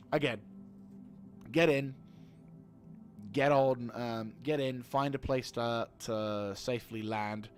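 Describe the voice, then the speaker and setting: Streaming a space game over game music, a man mutters to himself as he plays in live commentary. His mid-range voice stays steady and very slow with frequent pauses, though he swears often and flares up now and then.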